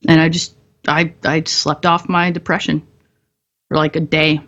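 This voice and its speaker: A woman's voice: low-pitched, level tone, a little slow, a bit bright, lo-fi sound. A woman in her thirties, a podcast guest, candidly telling a hard story with blunt, profane humor and frequent laughs. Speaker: podcast guest, combat veteran.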